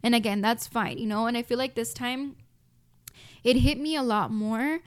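A woman's voice: a little high, fairly even intonation, moderate pace, clean tone, dry recording, studio quality. A young adult woman with a Mexican American accent hosting a podcast, talking heartfelt and reflective to her listeners, choked up with emotion. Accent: Mexican American English with Spanish mixed in. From United States. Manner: heartfelt, talks straight to listeners as "you guys". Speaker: podcast host. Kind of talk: reflective casual monologue.

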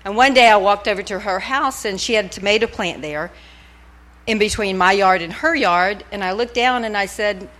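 A woman's voice: medium pitch, moderate pace, a bit bright. A middle-aged woman telling a personal testimony at a church service, laughing often as she speaks into a handheld mic. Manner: chatty, laughing storyteller. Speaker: church member giving a testimony. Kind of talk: nervous church testimony story. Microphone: handheld microphone.

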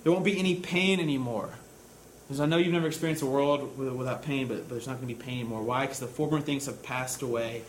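A younger man preaching a sermon in a relaxed, conversational way, often dropping to a soft, hushed voice when he quotes comforting words. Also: mid-range voice, quick pace, slight background noise, low-quality recording. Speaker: pastor.

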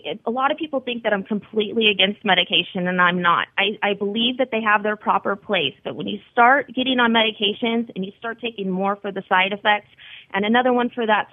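Her voice a little high, a woman interviewed by telephone talks earnestly and supportively about what she has lived through. She is a guest who founded a wellness site, and the tinny phone audio has no echo.

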